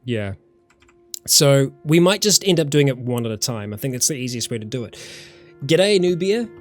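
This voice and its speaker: A man's voice: mid-range voice, a little fast, soft background music. A man from New Zealand with a New Zealand accent, casually commenting as he plays a survival game, thinking aloud and greeting viewers in chat. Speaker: let's-play host. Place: warm room at home.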